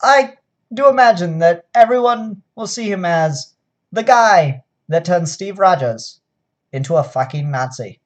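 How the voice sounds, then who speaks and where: A man's voice: high-pitched, lively intonation, a little slow. A man doing an impression of a 1940s American president, with an old-fashioned patrician accent and a pompous, declaiming manner in a mock old-time radio speech. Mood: solemn. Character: 1940s presidential orator impression, grand, solemn.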